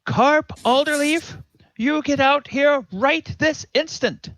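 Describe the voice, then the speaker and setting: A man's voice: extremely high pitch, slow, fairly bright tone, no echo, pitched above the performer's own voice, full character voice. A man voicing a flustered, motherly halfling farm woman. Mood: scolding. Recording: dull lo-fi sound.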